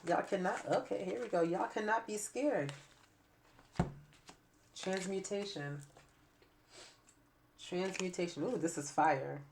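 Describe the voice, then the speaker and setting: A woman giving a spiritual tarot reading to camera with a stuffy nose and raspy throat, repeating phrases emphatically like preaching. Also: fairly low pitch, noisy background. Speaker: tarot reader.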